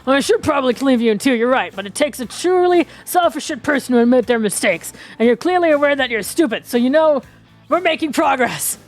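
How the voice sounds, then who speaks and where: A woman's voice: sits high, animated, brisk, soft background music. A woman voicing a vain, boastful, brawny male trapper in a dating game.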